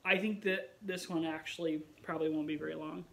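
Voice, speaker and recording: Worn-out guy chatting to his camera late at night, bright-toned voice, sighs a lot. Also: a little high, fairly quick, gravelly. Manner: chatty and expressive, with frequent sighs. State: tired, yawning. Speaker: vlogger. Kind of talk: casual late-night vlog chat. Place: at home indoors at night.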